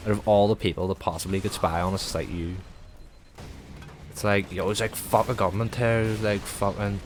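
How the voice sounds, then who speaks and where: In this stream, a young man rambles casually, cursing freely and filling every pause with "like." He talks briskly in a lowish, fairly even voice while soft music plays in the background.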